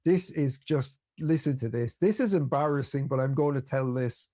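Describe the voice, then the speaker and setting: A man's voice: medium pitch, normal speed, dark tone, no room sound. Irish man, dry close sound. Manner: self-deprecating, laughs while telling stories. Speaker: podcast host. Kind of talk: casual chat.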